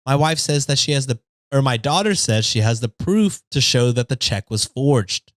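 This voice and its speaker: A man's voice: medium pitch, lively intonation, normal speed, no echo. A man co-hosting a podcast, reading stories aloud in a casual chat and laughing often.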